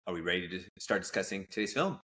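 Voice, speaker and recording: A man's voice: sits low, expressive, quick pace, pushed and bright. A man co-hosting a casual film podcast, talking enthusiastically and rambling through asides. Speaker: podcast co-host.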